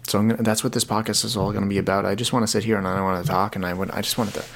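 A man's voice: lowish voice, flat delivery, very fast, a bit bright, a little hiss or hum. A young man hosting his own podcast in a casual, rambling, earnest way, often repeating words as he talks. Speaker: podcast host. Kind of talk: casual solo podcast talk.

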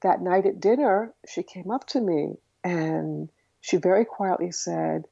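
A woman recounting a story as an interview guest, her voice mellow and soft-edged. She tells it in a lively anecdotal way, slipping into the voices of the people she quotes. The audio is dry and a little dull, like a lo-fi interview recording. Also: fairly low pitch, a little slow, vocal fry, no echo. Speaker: guest, author on horse communication.

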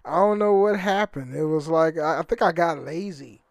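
High-voiced man rambling on his podcast. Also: moderate pace, vocal fry, no room sound, studio quality. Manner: loose and rambling, swears, laughs at himself. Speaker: podcast host. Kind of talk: casual solo podcast chat.

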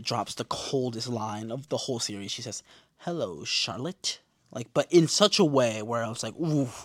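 Young male recap host, casual and profane, mid-pitched voice, dry close sound. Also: dry recording. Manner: slangy, profane, animated storytelling.

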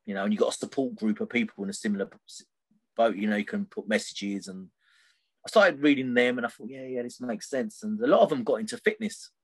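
A man's voice: lowish voice, fast, slightly rough. A middle-aged man tells a personal story as a podcast guest, rambling and often tagging his sentences with "right?". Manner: rambling, tags sentences with "right?", many fillers.

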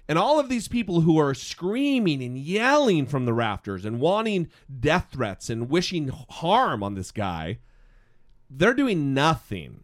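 Animated man hosting a podcast. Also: a little high. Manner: rambling, animated, restarts often. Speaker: podcast host. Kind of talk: casual opinionated chat.

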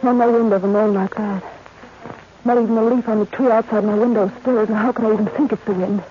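A woman's voice: mid-range voice, fairly even intonation, fast, natural voice. A woman playing Jane Eyre, anxious young governess. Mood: uneasy. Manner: breathy, anxious inner monologue. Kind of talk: 1940s radio drama acting. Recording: noisy, muffled 1940s radio recording.

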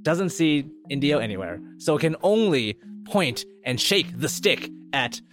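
A man runs a tabletop fantasy session, describing the action with playful relish. His pitch moves a lot from line to line. Quiet music plays underneath. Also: measured pace. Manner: animated, playful narration. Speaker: game master. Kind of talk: narrating a tabletop game.

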